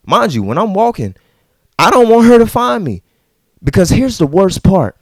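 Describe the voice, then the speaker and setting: A man hosting a podcast, telling a story in a casual, animated and profane way and acting out the people in it. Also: sits high, normal speed, dry recording, studio quality. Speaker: podcast host.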